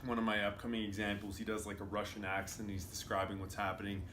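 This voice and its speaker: A man's voice: fairly low pitch, monotone, quick pace. A man giving a loose, casual commentary full of fillers as he explains clips. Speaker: video commentator. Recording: roomy with faint noise.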